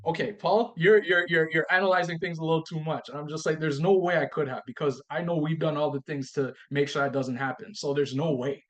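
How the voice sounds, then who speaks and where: A man's voice: a little high, fairly quick, hardly any pauses, highs cut off. A man guest on a podcast telling a personal story, acting out both sides of the talk and often repeating and restarting his phrases. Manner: animated storytelling, acts out both sides of a dialogue.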